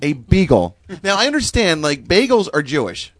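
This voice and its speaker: A man's voice: a little high, huge pitch swings, moderate pace, fairly bright tone, no room sound, studio quality. A man telling comic stories about his family, laughing often and cracking crude jokes about himself. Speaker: guest. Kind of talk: comedic storytelling chat.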